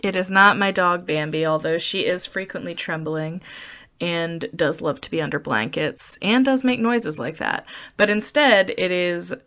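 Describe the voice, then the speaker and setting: A woman co-hosts a podcast, walking through a film scene beat by beat. Her voice sits on the low side and she speaks slowly and unhurriedly. Her humor is dry and wry. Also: a bit bright. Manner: dry, wry storytelling with acted-out quotes. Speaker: podcast co-host. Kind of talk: casual film recap chat.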